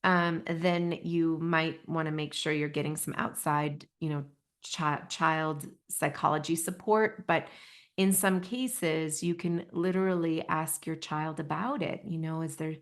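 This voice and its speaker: Gentle woman hosting a podcast, lowish voice. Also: fairly even intonation, measured pace. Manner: gentle, earnest, many restarts. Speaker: podcast host, intuition teacher. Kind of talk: podcast talk.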